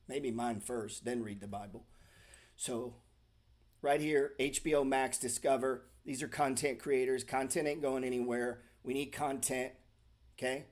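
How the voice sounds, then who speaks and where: A man's voice: mid-range voice, fairly even intonation, unhurried. A middle-aged man hosting a casual stock market show, talking bluntly and sarcastically, with profanity and mock self-pity. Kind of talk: casual livestream talk.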